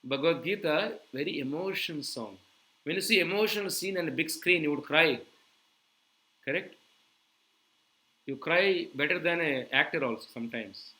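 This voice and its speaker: A man giving a sermon, animated and full of rhetorical questions to his audience. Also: a little high, moderate pace, pauses often, low-quality recording. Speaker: preacher.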